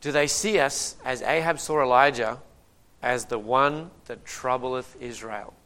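Male preacher, mid-range voice, animated storyteller with a humorous touch. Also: medium pitch, unhurried. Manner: lively, humorous retelling with acted-out quotes. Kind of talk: sermon with storytelling.

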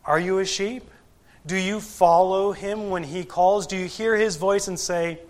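A man preaching a sermon to a gathered congregation, deliberate and emphatic, with frequent pauses and rhetorical questions. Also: high-pitched, steady tone. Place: church gathering.

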